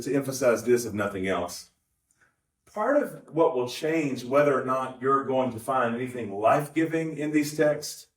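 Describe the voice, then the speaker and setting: A man preaching a conversational sermon, rambling with asides and self-corrections. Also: medium pitch. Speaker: pastor. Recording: roomy, distant mic.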